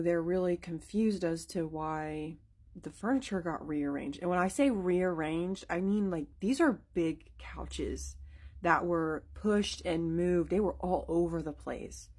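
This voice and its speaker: A young woman tells a spooky story from her own life in a loose, chatty way, full of fillers and restarts. Her voice sits a little low for a woman. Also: a little mellow. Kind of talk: casual spoken storytelling.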